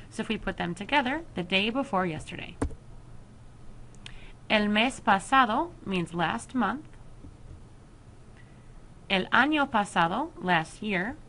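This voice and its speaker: A woman teacher explaining a Spanish grammar lesson to her students, slowing down to spell out each verb form. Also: mid-range voice, a bit bright, slight background noise. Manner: slow, careful explanation with deliberate pauses over verb forms. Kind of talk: recorded flipped-classroom lesson.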